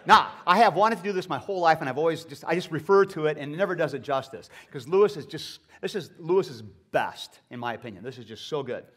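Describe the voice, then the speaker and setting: An enthusiastic male professor lectures to a live audience. His voice sits a little high and swoops about with energy. He breaks off often for friendly, chatty asides to the room. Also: animated, fast talker, few pauses, fairly bright tone, husky. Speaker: seminary professor speaking at a gathering.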